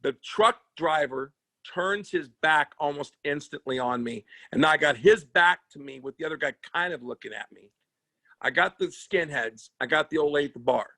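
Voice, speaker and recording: Man, comedian guest, bright high voice, profane animated storyteller, dry close mic. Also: normal speed, creaky, no echo. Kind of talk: casual storytelling chat. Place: podcast studio.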